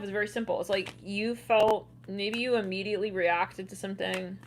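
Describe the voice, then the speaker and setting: A woman giving a casual tarot reading, chatty and quick to laugh, with loose swearing. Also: mid-range voice, slight background noise. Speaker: tarot reader.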